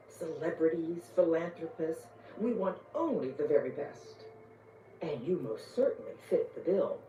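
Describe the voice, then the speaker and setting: An actress voicing a proud, flattering high-society club lady in a video game, refined and smooth. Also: far from the mic, a little hiss or hum. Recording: roomy game audio from afar.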